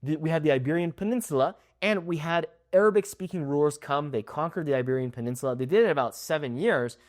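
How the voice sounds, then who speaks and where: A man's voice: on the high side, fast. A young man teaching Spanish pronunciation, explaining and modeling words, checking in with frequent "okay?" prompts. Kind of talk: pronunciation lesson.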